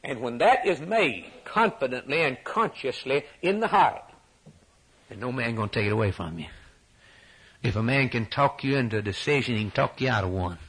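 A man preaching a sermon in a rhythmic cadence, climbing to high, shouted peaks and dropping back to quiet asides. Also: lively intonation, moderate pace, husky.

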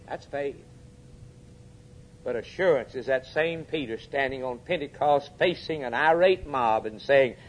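A man preaching a sermon, swinging between urgent, raised peaks and quiet, low drops, and putting questions straight to his congregation. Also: animated, unhurried, slight background noise. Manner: addresses the congregation directly with questions.

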